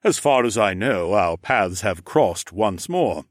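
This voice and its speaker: A man's voice: lowish voice, expressive, takes it slowly, no echo, clean studio sound. A man voicing a jovial, knowing older ram lord with horns, who speaks in a teasing, slightly formal way. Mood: amused.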